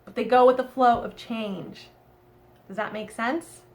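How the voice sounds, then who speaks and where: A woman with a Boston accent talks through a tarot reading in a loose, rambling way. Her voice sits a little high. She keeps checking in with her viewers as she goes. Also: fairly even intonation, measured pace, darkish tone. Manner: chatty, rambling, often asks okay. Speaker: tarot reader. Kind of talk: casual tarot reading to camera.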